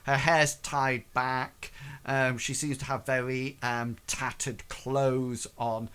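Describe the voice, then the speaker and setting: Slow, halting male game master. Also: mid-range voice, flat delivery, fairly bright tone, clean tone. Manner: halting, filler-heavy narration. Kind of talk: narrating a tabletop game.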